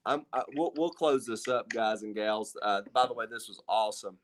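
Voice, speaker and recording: A man's voice: fairly low pitch, moderate pace, a little hiss or hum. A middle-aged man with a Southern US accent hosts a casual livestream chat, stumbling and repeating words as he talks. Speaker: host.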